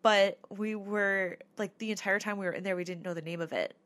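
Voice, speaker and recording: Fairly quick and fairly bright, this woman's mid-range voice holds a steady tone. As a podcast co-host, she chats casually through a ghost-hunt story, dropping in lots of fillers and laughing along the way.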